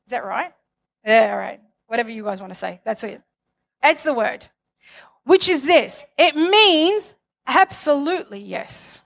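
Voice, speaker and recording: A woman's voice: sits high, animated, unhurried, gravelly, fairly bright tone. A woman preaching a sermon, building to fervent declarations and calling on the congregation for amens. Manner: calls for amens.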